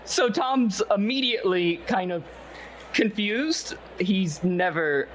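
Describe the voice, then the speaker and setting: A man's voice: high-pitched, animated, slow pace, a little hiss or hum, rough recording. A man running a tabletop game as game master, narrating loosely with many fillers.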